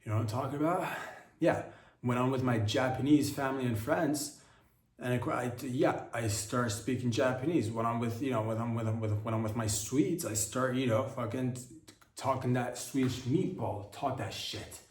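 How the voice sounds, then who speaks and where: A man's voice: mid-range voice, moderate pace, darkish tone, far from the mic. Man, comedy podcast host, rambling irreverent monologue, echoey room. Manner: rambling, irreverent rhetorical riffs.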